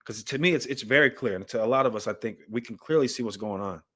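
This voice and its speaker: Male livestream commentator, mid-range pitch, impassioned, reads texts aloud and addresses viewers directly. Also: fast, fairly bright tone. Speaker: livestream host and Bible commentator. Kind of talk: live news commentary with scripture reading.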